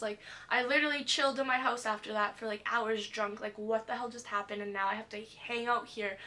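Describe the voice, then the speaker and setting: In a storytime vlog, a young woman recounts a wild tale from her past, saying "like" constantly, swearing, and animatedly acting out what people said. Her voice is fairly high, a little fast, with hardly any pauses.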